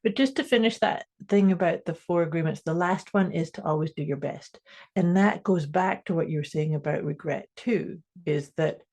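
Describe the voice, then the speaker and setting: Woman, podcast co-host, low gravelly husky voice, casual explaining. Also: normal speed, darkish tone. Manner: explains ideas step by step, laughs easily. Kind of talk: casual mindset chat.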